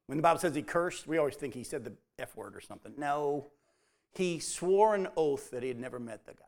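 A man's voice: fairly high pitch, expressive, fairly quick, darkish tone. A man preaching a sermon, telling the story and acting out the quoted lines as dialogue.

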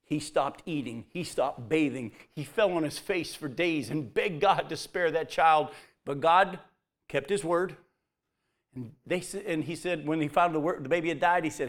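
A man giving a conversational sermon who acts out the quotes and drops to a soft voice near the end. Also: fairly high pitch, normal speed. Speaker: preacher.

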